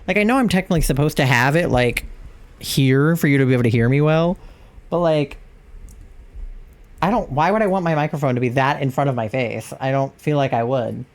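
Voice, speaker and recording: A woman's voice: a bass voice, fairly quick. A young adult woman chatting casually on a live stream, rambling and filling her talk with "like". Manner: rambling, full of "like" fillers. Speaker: livestreamer.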